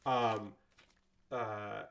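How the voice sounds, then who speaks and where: A man's voice: fairly low pitch, level tone, extremely slow, gravelly, a bit bright. A man chatting casually on a live stream while building, rambling and swearing freely as he thanks viewers. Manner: thanks viewers and subscribers by name.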